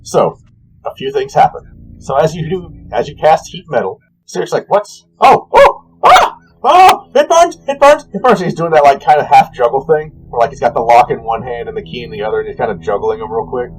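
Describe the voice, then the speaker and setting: A man narrating a tabletop game as dungeon master, animated and rambling, correcting himself as he goes. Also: mid-range voice, fast talker, a little hiss or hum, low-quality recording.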